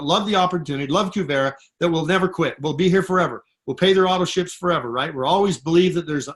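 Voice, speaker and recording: Guy on a phone call pumping up his sales team, kinda high voice, punchy and repetitive. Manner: emphatic, repetitive, salesy pep talk. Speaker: network marketing distributor on a conference call. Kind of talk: motivational call talk.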